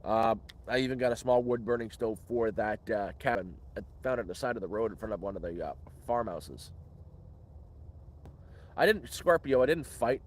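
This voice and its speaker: A man's voice: lowish voice, animated, moderate pace, slight background noise. A man hosting a casual live question-and-answer stream outdoors in the woods, rambling and restarting words. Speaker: livestream host.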